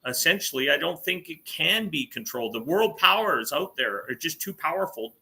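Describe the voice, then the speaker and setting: A man from Canada talks politics on a livestream with a sharp, very bright tone and a slightly higher voice than most men. He argues hard, piling up rhetorical questions in an emphatic, opinionated chat. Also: lively intonation, normal speed, creaky. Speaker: political talk show co-host. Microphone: livestream call mic.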